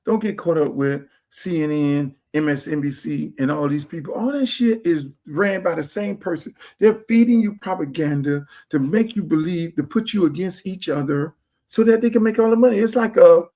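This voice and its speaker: High-voiced man ranting on his stream. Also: moderate pace. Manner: animated, blunt and profane, with street slang. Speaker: show host. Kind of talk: casual livestream rant to viewers. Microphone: streaming setup mic.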